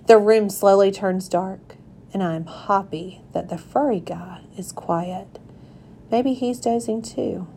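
A woman reads a children's chapter book aloud for young listeners. She takes her time, in a gentle and unhurried manner. Her pitch sits in the middle. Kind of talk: storybook read-aloud.

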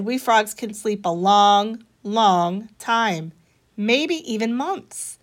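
A woman reading a children's story aloud, expressive, with a bright, animated delivery. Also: very slow. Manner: expressive, voices the children's dialogue higher.

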